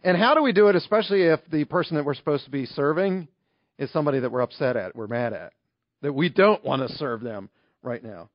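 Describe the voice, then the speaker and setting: A man preaching a sermon in a relaxed, conversational way, telling everyday stories to make his points. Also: fairly high pitch, fast, dry recording, dull audio. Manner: conversational, illustrative storytelling. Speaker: pastor.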